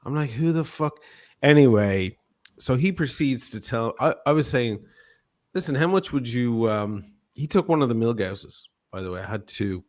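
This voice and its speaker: A man's voice: medium pitch, animated, normal speed. A man hosting a watch channel, telling a casual, profane anecdote on a live stream and acting out the quotes of the people in it.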